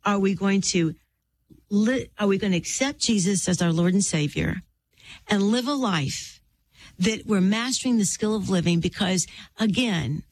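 A middle-aged woman, an author and interview guest, tells a personal faith story in an earnest, heartfelt way with drawn-out pauses and a preacherly lilt. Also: mid-range voice.

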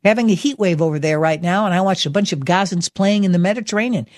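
A woman's voice: on the low side, fast talker, a little mellow, dry recording. Woman talk show host, emphatic, enthusiastic, dry close mic. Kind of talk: talk radio monologue and interview.

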